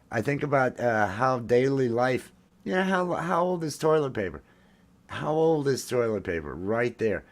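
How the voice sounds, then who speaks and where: A man in his fifties hosting a casual live stream, rambling with lots of fillers and restarts. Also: medium pitch. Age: 50s. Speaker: livestream host. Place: home, drinking coffee while streaming.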